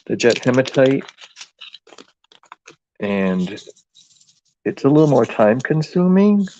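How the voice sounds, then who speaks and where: A man with a New England accent talks slowly through a live craft demonstration, his lowish voice gravelly with fry. He rambles and cracks jokes as he works. The sound is dull and lo-fi, and the room is dry. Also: darkish tone, no echo. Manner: rambling, jokey, thinks aloud while working. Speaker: craft livestream host.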